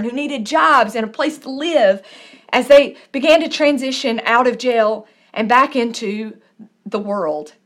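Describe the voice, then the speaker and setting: A woman's voice: high-pitched, fairly bright tone. A young adult woman pastor preaching a sermon, telling a personal story with earnest, repeated phrases.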